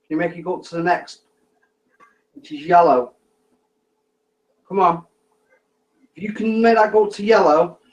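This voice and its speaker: A man's voice: on the high side, a little mellow, highs cut off. A man on a ghost hunt, calling out to spirits with patient, repetitive requests. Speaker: ghost hunter.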